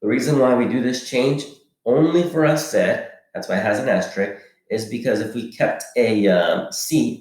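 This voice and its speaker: Casual teacher in a very echoey room. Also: male voice, on the low side, a little mellow. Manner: casual, explains step by step, checks in with "right?". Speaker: Spanish teacher. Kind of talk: recorded classroom lesson.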